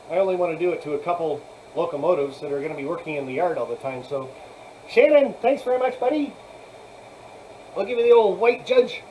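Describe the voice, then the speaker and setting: A man's voice: on the high side, darkish tone, slight background noise, rough recording. A man hosting a casual live chat, rambling, laughing often and thanking viewers as he talks. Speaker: live stream host.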